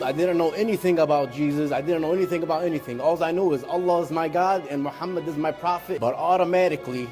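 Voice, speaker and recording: A man in his forties giving an emotional personal testimony in a church, earnest and intense, his voice rising high in urgent moments. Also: a little mellow. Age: 40s.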